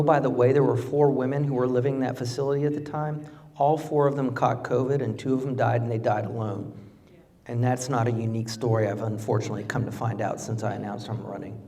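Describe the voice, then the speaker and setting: A middle-aged man giving a campaign speech at a fundraiser, impassioned, rising to emphatic peaks and dropping low and quiet. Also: recorded from a distance. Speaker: political candidate. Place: fundraiser event venue.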